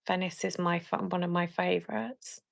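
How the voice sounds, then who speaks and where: A woman from Birmingham with a Birmingham accent, chatting casually and softly on a live stream, often laughing at herself. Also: lowish voice, fairly even intonation, moderate pace, creaky. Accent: Birmingham English. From England. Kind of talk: casual chat.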